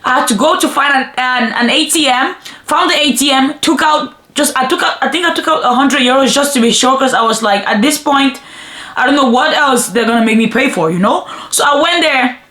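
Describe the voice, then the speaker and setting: A woman of twenty telling a personal story in a chatty, animated vlog style, often addressing viewers as "bro" and "guys". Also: high voice, a little fast, echoey room. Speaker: vlogger.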